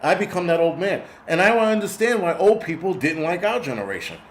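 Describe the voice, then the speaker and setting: A man's voice: sits high, expressive, fairly quick, slight background noise. A middle-aged man hosting a casual livestream, ranting bluntly with lots of swearing and reading viewer comments. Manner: profane, blunt, rambling rant.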